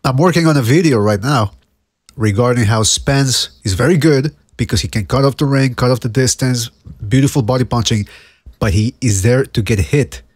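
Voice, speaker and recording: Man, podcast host, husky, dry close sound, blunt, profane, joking. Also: medium pitch, normal speed, no echo. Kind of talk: casual chat.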